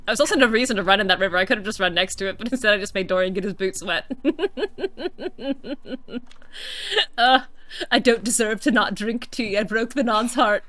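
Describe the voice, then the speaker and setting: Giggly woman playing a game, bright voice. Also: medium pitch, normal speed, pauses often, no room sound. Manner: giggly, breaks into long laughing fits. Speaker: gaming streamer. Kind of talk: casual gameplay commentary.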